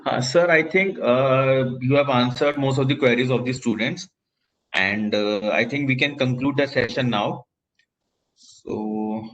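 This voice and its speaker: A man's voice: mid-range voice, fairly bright tone. A man moderating an online session, polite and full of "sir", over a video call. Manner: polite, says sir often, fillers. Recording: slightly dull video call audio.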